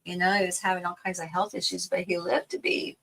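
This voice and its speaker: A woman's voice: on the low side, level tone, quick pace, creaky, fairly bright tone, a little hiss or hum, rough recording. An older woman chatting casually while crafting at home, rambling through a family story and laughing easily. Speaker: craft vlogger.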